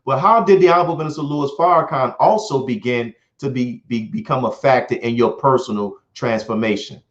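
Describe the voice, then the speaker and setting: A man's voice: mid-range voice, brisk, dull audio. A man hosting an interview who stammers a little and calls his guest "brother" as he asks questions. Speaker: host.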